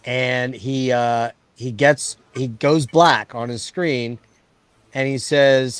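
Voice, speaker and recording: A man hosting a casual stream, telling stories to his friends in an excited, profane way. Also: medium pitch, slow, clean tone, no echo. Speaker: stream host. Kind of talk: casual chat storytelling.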